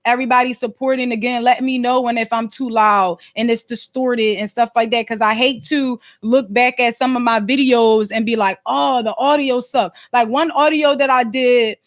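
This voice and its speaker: At a moderate pace with hardly any pauses, this loud, high-voiced Philadelphia woman streams casual chat from her phone. A podcast host and livestreamer, she speaks with slang and rhetorical asides, emphatic and sometimes snapping.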